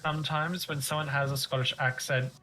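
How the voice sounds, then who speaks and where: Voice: mid-range voice, steady tone, a little fast, noisy background. A player from Australia with an Australian accent, telling a rambling story in casual chat.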